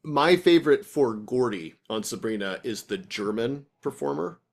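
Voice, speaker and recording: A man's voice: medium pitch, lively intonation, moderate pace, gravelly. A man co-hosting a podcast over a video call, chatting casually and thinking aloud with restarts. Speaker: podcast co-host. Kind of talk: casual chat.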